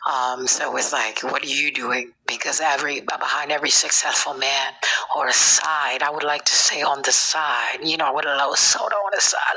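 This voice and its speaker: A woman's voice: low-pitched, bright, forceful tone, rough recording. A woman hosting a casual live-stream monologue, rambling and preachy, often dropping into a whisper. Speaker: social media page host.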